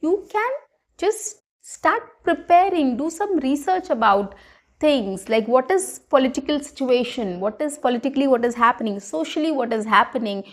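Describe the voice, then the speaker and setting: Woman, slightly high voice, chatty lesson coach addressing viewers directly. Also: animated, normal speed. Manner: chatty, repeats "right?" and "guys", coaching tone. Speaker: English teacher. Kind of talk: spoken English lesson to camera.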